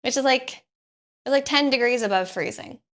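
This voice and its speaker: Woman from California, casual stream co-host, chatty, slightly high voice. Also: a little fast, a bit bright. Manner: chatty, laughs often. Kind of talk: casual chat on a live stream.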